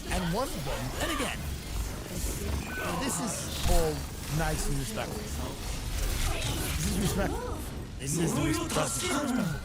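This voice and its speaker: A man, a stand-up comedian, telling a story as a profane comic rant and acting out other people's lines. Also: high-pitched. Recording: loud music behind the voice.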